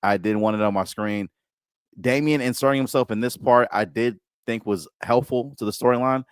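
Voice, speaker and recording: A man co-hosting a casual wrestling chat stream, joking and animated, often stammering as he restarts his sentences. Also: mid-range voice, moderate pace, clean tone, no echo. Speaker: podcast co-host.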